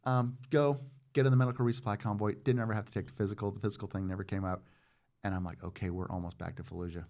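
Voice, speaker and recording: A man in his forties, a former Marine guest on a podcast, telling a story in a loose, animated way and acting out what others said. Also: on the low side, racing. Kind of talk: casual storytelling.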